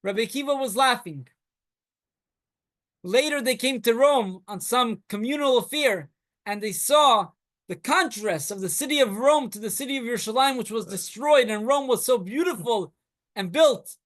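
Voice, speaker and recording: A man, a rabbi, giving a weekly Torah class to students in a classroom. He tells stories with energy and trades quick remarks with his listeners. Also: extremely high pitch. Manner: animated storytelling, talks with students.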